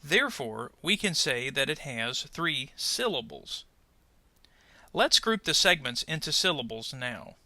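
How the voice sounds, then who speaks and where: Lively, bright-voiced male pronunciation teacher. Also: mid-range voice, dry recording. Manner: clear, deliberate, over-articulates example words. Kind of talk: scripted lesson voice-over.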